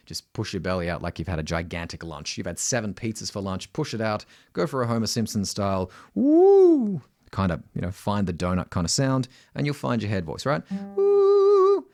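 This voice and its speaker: Aussie voice coach guy, lowish voice that swings way up, dry close sound. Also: animated, fast talker, no room sound. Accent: Australian. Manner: direct, uses "right?" constantly, breaks into loud high sung examples. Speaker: voice teacher. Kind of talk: singing lesson with sung demonstrations.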